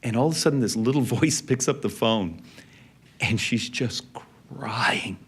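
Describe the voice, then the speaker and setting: A man's voice: mid-range voice, animated, unhurried, breathy edge. Man telling a personal story. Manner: warm anecdotal storytelling with quiet emotional passages. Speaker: speaker. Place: event venue.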